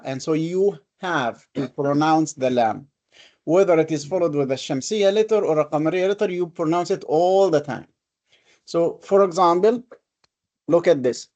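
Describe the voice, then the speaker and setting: A man's voice: fairly high pitch, a little mellow. Patient man teaching at a board. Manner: patient, explaining step by step with repeated examples. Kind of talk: classroom lesson on Quranic reading. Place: classroom with a board.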